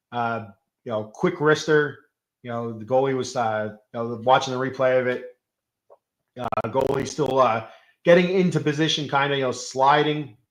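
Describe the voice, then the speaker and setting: A man of middling pitch talks through a hockey game recap in a loose, casual way. He rambles and keeps restarting his sentences with lots of fillers. His voice carries the echo of a bare room. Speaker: hockey podcast host.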